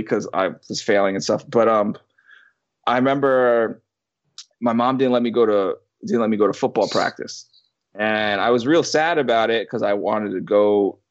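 A man's voice: mid-range voice, highs cut off. A man in his thirties telling a personal story in casual conversation, rambling with restarts and the odd curse word. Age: 30s. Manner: rambling, with many restarts and swearing.

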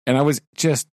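A man's voice: medium pitch, vocal fry, darkish tone, no echo, clean studio sound. A man, a teacher and podcast co-host, chatting casually and ranting in exasperation, laughing often and acting out quoted exchanges. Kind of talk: casual chat.

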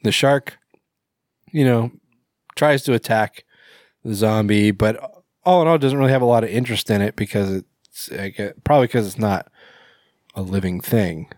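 A man's voice: on the low side, normal speed, long pauses, darkish tone, no echo, clean studio sound. A man casually recapping a movie on a podcast, rambling with fillers and self-corrections. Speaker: podcast co-host.

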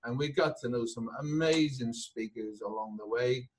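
A man's voice: mid-range voice, normal speed, darkish tone, far from the mic, low-quality recording. A man from Northern Ireland with a Northern Irish accent, a business owner chatting and joking in an interview. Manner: jokey, chatty, laughs often. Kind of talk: casual interview chat.

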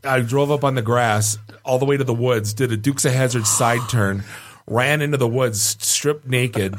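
A man telling a long funny story in casual podcast chat, animated and often chuckling at his own tale. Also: medium pitch, moderate pace, slight background noise.

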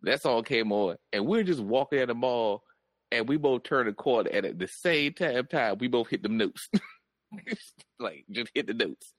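A man in his thirties co-hosting a casual chat, rambling and halting but insistent. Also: medium pitch, expressive, dry recording.

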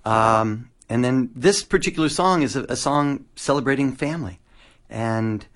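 A man, a children's musician, chatting as a radio guest in a friendly, rambling way with many pauses. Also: mid-range voice, a bit bright. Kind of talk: casual radio interview.

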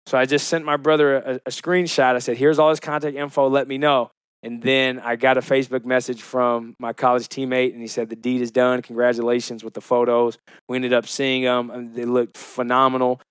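Animated, joking male co-host. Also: medium pitch, a little fast, clean tone, no echo, clean studio sound. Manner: animated storyteller, defensive and joking. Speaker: podcast co-host. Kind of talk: casual chat.

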